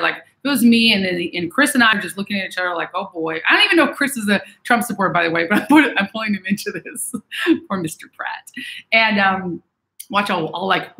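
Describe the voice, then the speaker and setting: A woman vlogger giving casual advice to viewers in a chatty, animated way, acting out what other people say. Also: medium pitch. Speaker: vlogger reading and answering viewer messages. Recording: echoey room.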